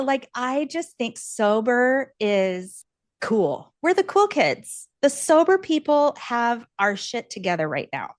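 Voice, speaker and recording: Brief: lively woman guest, slightly high voice, dry close sound, earnest and encouraging, candid storyteller. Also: dry recording. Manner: animated, laughs often, acts out quoted voices. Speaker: podcast guest.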